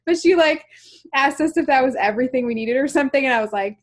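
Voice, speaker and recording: A woman's voice: high-pitched, fast talker. A woman in her thirties from Canada, co-hosting a casual chat over a call and telling stories with frequent laughs and casual swearing. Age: 30s. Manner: chatty storyteller, laughs often, swears casually. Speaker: podcast co-host. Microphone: remote call recording.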